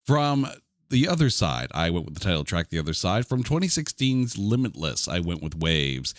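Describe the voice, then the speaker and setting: Male podcast host, low and animated, eager casual delivery, dry close sound. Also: normal speed, no echo. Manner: enthusiastic, animated, casual swearing. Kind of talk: casual chat.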